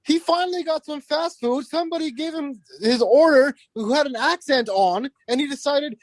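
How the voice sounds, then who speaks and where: High-pitched woman on a podcast, ranting hard, dry close sound. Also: moderate pace, hardly any pauses, dry recording. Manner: animated, exasperated ranting. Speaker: podcast guest. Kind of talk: casual wrestling review chat.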